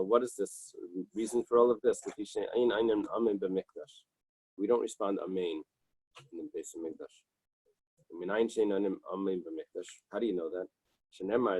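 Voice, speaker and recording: A lowish male voice, captured in a low-quality recording with no echo, leads an early-morning Talmud session in a small synagogue study room. He reads the Hebrew and Aramaic, gives plain translations, and keeps asking "right?" and "okay".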